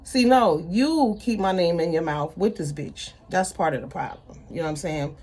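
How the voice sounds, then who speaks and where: A woman's voice: fairly low pitch, expressive, moderate pace, a little mellow. A woman ranting bluntly to her viewers in an unscripted vlog, with heavy profanity, emphatic repetition. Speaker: vlogger.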